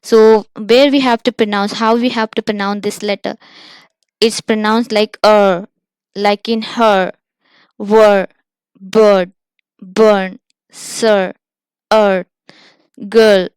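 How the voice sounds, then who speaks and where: A woman's voice: mid-range voice, flat delivery, slow, long pauses, darkish tone, clean tone, no echo. A woman teaching pronunciation, patiently repeating example words one by one. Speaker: English teacher. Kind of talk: pronunciation lesson.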